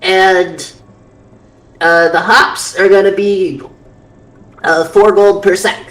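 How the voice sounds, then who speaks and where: A woman voicing a brisk shopkeeper who lists her wares and prices in an offhand, salesy way. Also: mid-range voice, fairly even intonation, natural voice. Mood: businesslike. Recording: roomy and distant mic.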